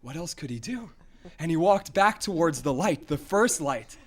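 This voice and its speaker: Animated high-voiced male storyteller. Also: normal speed, a little hiss or hum. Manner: animated, swinging from loud to hushed, sound effects. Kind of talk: folk tale storytelling.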